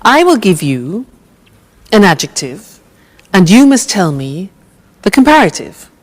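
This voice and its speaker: A woman teaching English grammar with a slow, clear drill, patient and encouraging. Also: mid-range voice, very animated, big-room sound.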